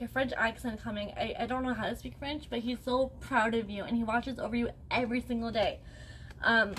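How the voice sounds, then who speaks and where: A woman's voice: on the high side, a bit bright, slight background noise. A young woman acting as a psychic medium on a live stream, talking in a chatty, reassuring way and often checking in with "okay?". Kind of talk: live-stream spirit reading.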